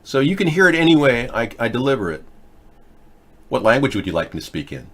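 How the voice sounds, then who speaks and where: Rambling middle-aged male host, halting. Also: medium pitch, big pitch swings, a bit bright. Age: 50s. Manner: rambling, many hesitations and restarts. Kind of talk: casual political commentary.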